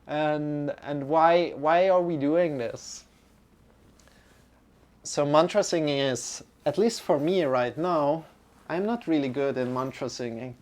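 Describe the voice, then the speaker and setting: Slow, hesitant male yoga teacher. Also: a little high, darkish tone. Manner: rambling, hesitant, many restarts and fillers. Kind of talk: live-streamed yoga class talk.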